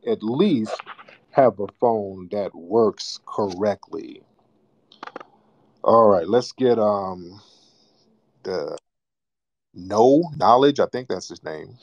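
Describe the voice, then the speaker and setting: Host type: low-voiced man, mocking and scolding tone, call-in show, dry close sound. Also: slow, long pauses, no echo, muffled recording. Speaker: host of live call-in broadcast. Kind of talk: casual call-in radio talk.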